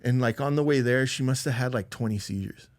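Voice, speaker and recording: A man's voice: medium pitch, a little fast, no echo. A man telling a personal story as a podcast guest. He talks casually, saying "like" and "dude" a lot, and he acts out the quoted lines in a raised voice. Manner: loose, rambling, with lots of "like" and "dude".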